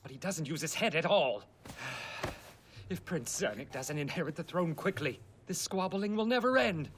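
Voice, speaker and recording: A man's voice: on the high side, animated, a bit bright, a little hiss or hum. An actor playing a scheming noble lord who turns into a gushing, baby-talking father around his little son, in an English anime dub. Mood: exasperated. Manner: grave, measured in council. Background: music.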